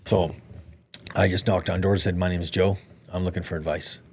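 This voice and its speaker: A man, a podcast guest, telling a story in casual conversation, animated, swearing freely and acting out the dialogue. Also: sits low, normal speed, vocal fry, a little hiss or hum.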